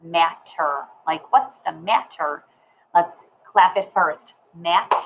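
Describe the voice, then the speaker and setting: A woman's voice: lowish voice, lively intonation, slow, gravelly, slight background noise, poor audio. A woman teaching a reading lesson, sounding words out syllable by syllable and spelling them letter by letter.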